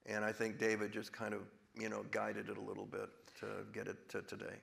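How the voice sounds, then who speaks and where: A man's voice: fairly low pitch, monotone, fairly quick, vocal fry, a bit bright. A man in his sixties, an actor guest in a live stage conversation, talking in a rambling way with many restarts. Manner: rambling with restarts, drops into big put-on voices when quoting.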